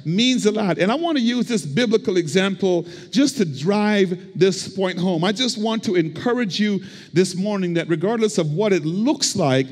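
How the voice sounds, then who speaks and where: A male pastor with a high voice preaches at a normal speed in a church sanctuary, the recording full of long hall reverb. He uses rhythmic repetition and trades call-and-response with the congregation.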